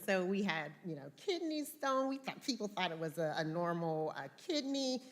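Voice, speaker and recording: A woman walks through her research slides at a conference. Her voice sits a bit low, and her delivery is relaxed and chatty, with plenty of filler words. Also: brisk, few pauses. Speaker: research presenter. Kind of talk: conference presentation.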